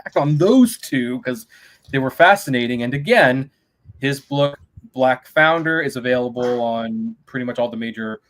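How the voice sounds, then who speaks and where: A man's voice: mid-range voice, expressive, moderate pace, a bit bright. Chatty male interview host. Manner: chatty, addresses the audience directly. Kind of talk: casual interview chat.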